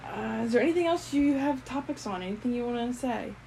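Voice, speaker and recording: A woman with a high voice co-hosts a relaxed podcast, chatty and quick to laugh. Faint ambient noise sits under her voice. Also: vocal fry. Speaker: podcast co-host. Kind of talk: casual chat.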